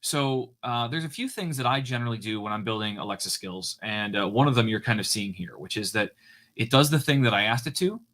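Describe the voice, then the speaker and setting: A man's voice: lowish voice, expressive, a little fast, fairly bright tone. A man walking viewers through his code on a live coding stream, casual and hesitant, with frequent fillers and restarts.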